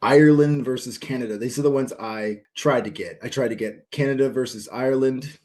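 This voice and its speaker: A man's voice: medium pitch, a little fast, a little mellow. Frustrated American man vlogging about cricket. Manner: frustrated, conversational, reads out emails and posts. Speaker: cricket commentator and host. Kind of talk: casual talking-head commentary.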